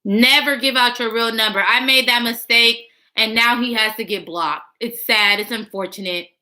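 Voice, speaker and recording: A young woman speaks straight to her viewers in a casual vlog. Her voice is high and piercingly bright. She talks bluntly, swears freely and keeps venting her annoyance. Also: moderate pace. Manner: frank, heavy swearing, exasperated ranting. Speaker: vlogger. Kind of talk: casual chat to camera.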